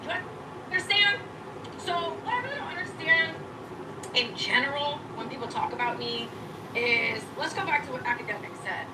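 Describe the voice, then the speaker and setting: A woman with a slightly high voice scolds and swears defiantly on a livestream. Her voice sounds distant and echoey, with clear background noise in the stream audio. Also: lively intonation, moderate pace. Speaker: livestreamer addressing critics. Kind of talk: confrontational livestream rant.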